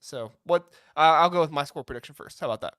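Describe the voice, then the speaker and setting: A man's voice: fairly high pitch, fast, clear, resonant tone, no room sound, clean studio sound. A man co-hosting a sports podcast, talking casually and thinking aloud with fillers. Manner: animated, reasoning aloud with fillers. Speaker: podcast co-host.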